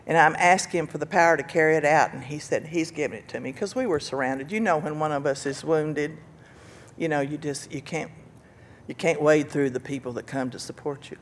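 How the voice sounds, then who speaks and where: An older woman giving an earnest personal testimony about recovery and loss, telling her story with bursts of laughter and loud quoted lines. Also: low voice, fairly quick, a little hiss or hum. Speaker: speaker sharing recovery story.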